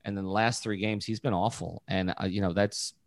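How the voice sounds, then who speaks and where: A man's voice: on the low side, steady tone, brisk, dry recording, studio quality. A man co-hosting a sports podcast, giving blunt, frank basketball analysis in casual chat. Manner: blunt, frank verdicts on the team.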